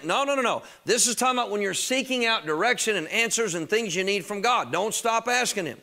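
A high, bright-voiced man preaching from the pulpit. He talks in a plain, conversational way to the congregation, then drives his points home with loud, emphatic bursts. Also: lively intonation, brisk, hardly any pauses. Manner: emphatic preaching, rising to shouts on key phrases. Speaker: pastor. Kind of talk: sermon.

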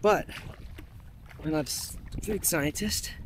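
A man's voice: a little high, slow, background noise. A man vlogging from a river while paddling, chatting casually and thinking aloud with lots of asides. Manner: thinks aloud, rambling, many fillers and asides. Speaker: vlogger training for a river race. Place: outdoors on a river in a kayak.

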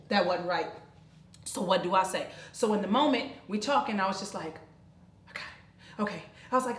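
A woman, co-hosting a faith and family talk show and telling a story with animated, dramatic flair. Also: medium pitch. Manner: animated, dramatic retelling with loud shrieks. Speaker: podcast co-host. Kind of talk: casual storytelling. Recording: echoey room.

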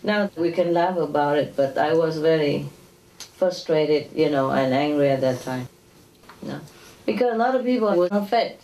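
A woman's voice: low voice, moderate pace, warm tone. Woman lecturing in an echoey hall. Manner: conversational, chuckling, frequent "you know" and "yeah?". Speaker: spiritual teacher giving a lecture. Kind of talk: informal spiritual lecture to an audience. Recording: echoey hall, distant mic, faint noise.

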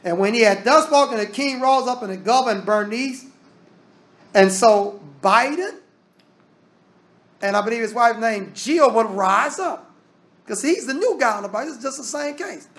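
A man's voice: extremely high pitch, lively intonation, normal speed, fairly bright tone. A man teaching a Bible study. He reads scripture aloud and explains it in plain, casual talk. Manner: casual Southern American grammar.

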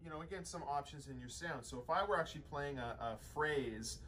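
A man's voice: on the high side, fairly quick, fairly bright tone, slight background noise. A young man teaching a drum lesson, explaining sticking patterns in a loose way with many fillers and restarts.

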